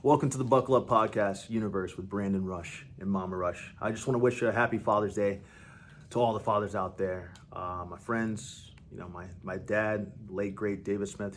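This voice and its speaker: Man, podcast host, very deep voice, halting heartfelt tribute, faint background noise. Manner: halting, emotional, with restarts.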